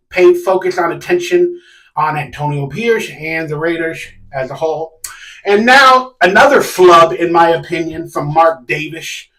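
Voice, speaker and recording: A man's voice: high voice, a bit bright, far from the mic. A man hosting a sports fan live stream, ranting casually and animatedly with sarcastic, exasperated outbursts. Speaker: sports fan channel host. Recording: echoey room, a bit off mic.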